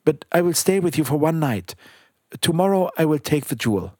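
A man's voice: on the high side, lively intonation, fairly quick, a little mellow, husky, no echo, studio quality, pitched above the performer's own voice. A man voicing a small, kind-hearted male bird in a storybook reading, with a light, wondering manner. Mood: concerned.

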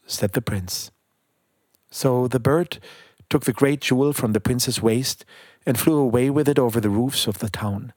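A man reading a fairy tale aloud in a calm, measured way, with brief remarks about the story before he begins. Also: medium pitch, slightly rough, dry recording, clean studio sound.

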